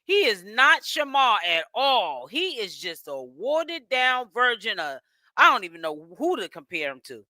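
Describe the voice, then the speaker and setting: A woman's voice: a little high, sing-song, a little slow, sharp tone, dry recording. A woman giving blunt, mocking reaction commentary over a clip she is watching.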